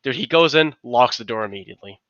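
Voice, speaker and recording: A man's voice: medium pitch, expressive, fast, a bit bright, dry recording, lo-fi sound. A man co-hosting a podcast, telling a long anecdote in casual chat, rambling with many restarts and acted-out quotes. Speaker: podcast co-host.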